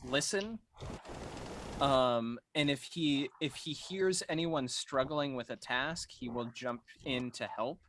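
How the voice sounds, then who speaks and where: A man's voice: mid-range voice, slow pace, a bit bright, slight background noise. A man playing a tabletop game, describing his character's actions hesitantly, with fillers. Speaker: player. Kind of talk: casual play talk.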